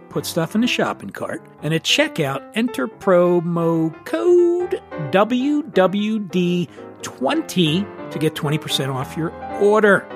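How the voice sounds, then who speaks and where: Speaking in a fairly high, fairly bright voice, this podcast host rambles through sponsor reads, cracking jokes at his own expense.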